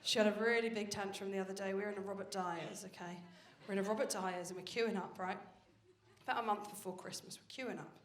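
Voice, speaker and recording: A woman performing a stand-up comedy set on stage, telling stories in a brash, animated way with plenty of swearing. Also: medium pitch, quick pace. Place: stage of a live comedy venue. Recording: roomy live venue with faint noise. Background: audience laughter.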